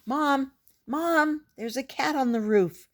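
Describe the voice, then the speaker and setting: A woman voicing a small excitable child who pleads with its mother, in a storybook reading. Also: slow pace, full character voice. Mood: pleading. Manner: high-pitched begging, squealing.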